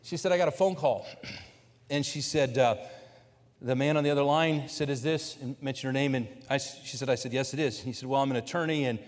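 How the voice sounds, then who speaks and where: Baptist pastor preaching in a reverberant church. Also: male voice, mid-range voice, fairly quick. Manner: conversational storytelling, voicing quoted people, building to loud preaching. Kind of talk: storytelling sermon. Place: church sanctuary. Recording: long hall reverb from a church sanctuary.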